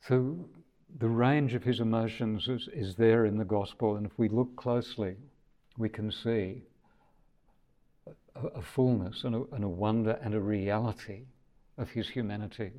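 A man's voice: fairly low pitch, dark tone. A man preaching a sermon in a conversational, thoughtful way, often restarting his sentences.

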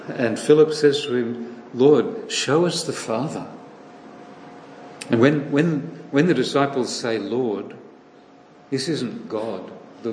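A man preaching a sermon, slow and deliberate, repeating phrases for emphasis. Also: lowish voice, darkish tone. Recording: echoey hall, slightly distant, faint room noise.

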